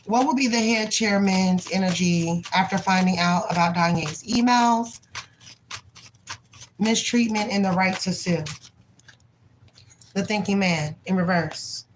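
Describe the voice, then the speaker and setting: A woman's voice: mid-range voice, slight background noise, low-quality recording. A young woman giving a live tarot reading, reading card names aloud in a blunt, profane, chatty way. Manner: laughs often and voices the people in the cards. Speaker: tarot reader.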